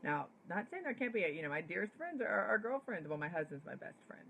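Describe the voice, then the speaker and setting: A woman's voice: on the low side, sing-song, fast talker, creaky, fairly bright tone, slight background noise, poor audio. A woman political commentator delivering an emphatic, indignant opinion monologue straight to the camera. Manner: indignant, emphatic, punchy repetitions.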